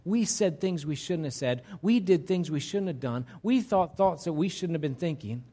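A pastor preaching a conversational sermon to his congregation, swinging between loud emphasis and quiet, hushed lines. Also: on the high side, animated, normal speed, slightly rough. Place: church sanctuary.

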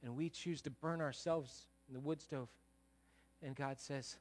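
A middle-aged male pastor preaching a sermon, earnest, swinging between loud bursts and soft, low asides. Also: fairly even intonation, measured pace.

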